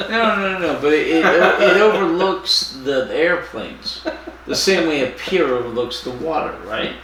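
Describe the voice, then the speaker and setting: A man co-hosting a podcast, recapping a plot in a slow, halting way with lots of fillers. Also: a little high, lively intonation, fairly bright tone, slight background noise. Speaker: podcast co-host. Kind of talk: casual chat recapping an episode. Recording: echoey distant room mic.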